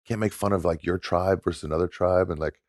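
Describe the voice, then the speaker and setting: American man guesting as a comedian, very deep voice, animated storyteller who laughs a lot. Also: fast, no room sound, studio quality. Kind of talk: casual chat.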